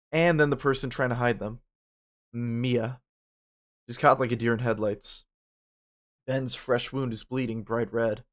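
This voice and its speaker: A casual narrator reading a story game aloud in the first person. Their delivery is even and matter-of-fact, and they drop relaxed asides between passages. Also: medium pitch.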